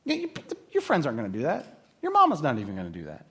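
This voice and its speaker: A man's voice: medium pitch, fast, husky. A man preaching a sermon as a pastor, talking casually and acting out the voices of the people in his story. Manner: animated, acts out quoted voices.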